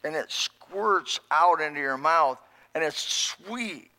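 A middle-aged male preacher with a strikingly bright, keen tone and a fairly high voice. He preaches in a folksy, emphatic way, driving points home through repetition. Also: lively intonation, slow pace. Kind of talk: sermon.

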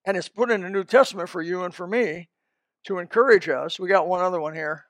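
A man with a high voice preaches a sermon in a folksy, rambling way. He drifts into asides and restarts his sentences. The sound is dry and close. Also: fairly quick, no echo. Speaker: pastor.

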